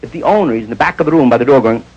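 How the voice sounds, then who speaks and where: A man doing stand-up storytelling, jumping into quick voices of the people in his stories. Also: mid-range voice, a little mellow, muffled recording, soft background music. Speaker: stand-up comedian.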